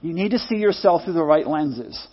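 A middle-aged man preaches from the pulpit with a high, husky voice, repeating his points earnestly and calling the congregation to answer back. The recording is dull and lo-fi. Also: expressive, normal speed. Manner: earnest, repetitive preaching with call-and-response. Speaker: pastor. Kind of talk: sermon.

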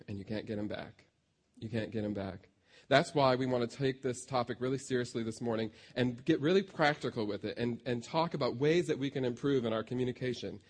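A man preaching a sermon as a pastor, conversational and self-deprecating as he tells stories to his congregation. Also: medium pitch.

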